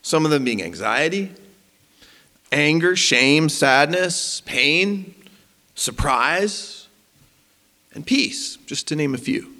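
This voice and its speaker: Guy pastor preaching, slightly high voice, big echo like a church hall. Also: slow, pauses often. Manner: animated, rises in emphasis. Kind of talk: sermon. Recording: long hall reverb.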